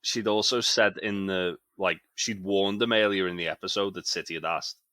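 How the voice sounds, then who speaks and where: A man's voice: low voice, steady tone, moderate pace, pushed and bright, no room sound. A man co-hosting a casual TV review chat, analysing loosely with plenty of fillers. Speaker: podcast co-host.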